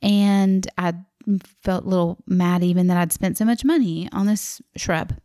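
A middle-aged woman from the American South with a Southern accent, telling a personal story in a chatty, animated way and acting out the voices she quotes. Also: lowish voice, normal speed, no room sound, studio quality.

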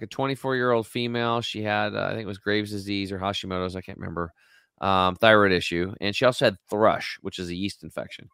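A man's voice: on the low side, clear, resonant tone, no echo, studio quality. A man in his forties, a guest in an interview, telling a story with lots of energy and acting out what people said. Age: 40s. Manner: energetic, acts out quotes.

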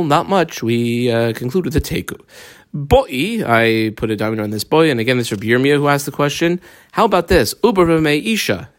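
A man leading a halting Talmud lesson. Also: medium pitch. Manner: halting, many fillers, mixing Aramaic readings with English explanation. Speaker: Talmud teacher.

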